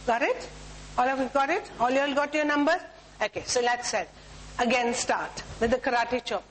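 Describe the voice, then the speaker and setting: A woman's voice: sits high, moderate pace, a little hiss or hum, low-quality recording. Indian woman leading a tapping exercise. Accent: Indian English. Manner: instructive, repetitive chanting of cue words. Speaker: workshop leader. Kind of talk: guiding a group through a tapping exercise. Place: talk room with a group.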